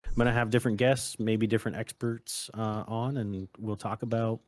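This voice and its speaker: An American man chatting as a podcast guest, telling stories in an animated way and laughing easily. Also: fairly low pitch, normal speed, dry recording, studio quality. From United States. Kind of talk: casual podcast chat.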